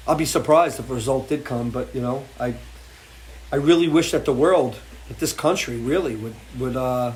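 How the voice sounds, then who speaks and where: A man's voice: medium pitch, a little hiss or hum. A man hosting a live music show, talking off the cuff in an impassioned, swearing rant full of restarts. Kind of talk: off-the-cuff livestream talk. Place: home porch.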